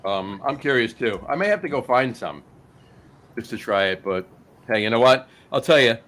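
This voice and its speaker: A man's voice: mid-range voice, animated, normal speed, a bit bright. A man hosting a craft beer podcast in casual chat, easygoing and full of fillers, often repeating his own phrases. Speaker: podcast host.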